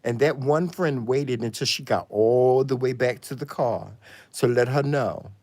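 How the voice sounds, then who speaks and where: This is a man talking straight to camera in a casual vlog, full of sass and flair. He tells gossip stories with dramatic asides and leans on "honey" and "child". His voice sits in a middle pitch and jumps between hushed remarks and loud outbursts. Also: a little slow. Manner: sassy, animated gossip storytelling with frequent "honey" and "child"; dramatic exclamations and swings in loudness. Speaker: vlogger.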